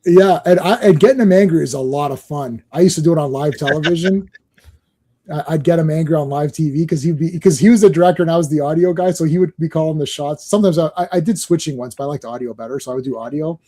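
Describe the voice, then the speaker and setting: A man's voice: fairly high pitch, fast talker. A middle-aged man co-hosting a podcast, telling rambling stories in casual chat and laughing often. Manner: animated, rambling storyteller who laughs often. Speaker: podcast co-host.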